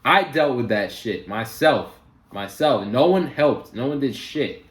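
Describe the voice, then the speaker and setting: A man's voice: mid-range voice, expressive, measured pace, echoey room. A young man telling a personal story in a casual storytime vlog, heated and full of fillers and swearing. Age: young adult. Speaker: vlogger.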